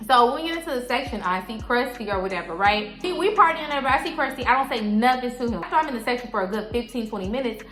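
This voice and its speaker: A woman vlogger telling a story casually, animated and swearing freely. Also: fairly high pitch, quick pace, hardly any pauses. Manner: animated, swears freely, acts out others' lines. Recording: echoey room with faint music.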